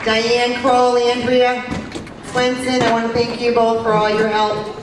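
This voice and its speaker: A woman, the event organizer, making casual, halting thank-you announcements at a luncheon. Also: fairly high pitch, monotone. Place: banquet hall at a country club luncheon. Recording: echoey hall from far off, crowd noise.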